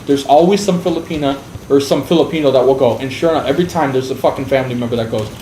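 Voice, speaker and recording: A man's voice: medium pitch, rapid-fire, dark tone. Blunt, foul-mouthed streamer man, roomy sound. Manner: profane, blunt, heavy swearing. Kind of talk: casual storytelling on a game stream. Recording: roomy with faint background noise.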